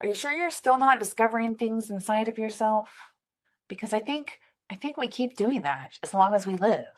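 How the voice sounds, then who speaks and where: A woman's voice: fairly high pitch, lively intonation, normal speed. A woman hosting a podcast in casual conversation, reflective and thoughtful, who laughs easily. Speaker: podcast host.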